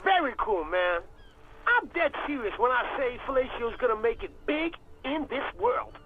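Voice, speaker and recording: A man's voice: very high-pitched, lively intonation, normal speed, a little hiss or hum. An actor playing a laid-back, crude male radio DJ who talks in drawling slang, heard through a phone line in a video game. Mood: stoked. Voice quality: drawling slangy talk, heavy swearing.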